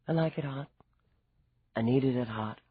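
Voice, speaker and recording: A man's voice: medium pitch, measured pace, breathy edge, dry recording. A man voicing a blunt, tired woman police lieutenant who speaks in clipped, curt replies, in a dull recording.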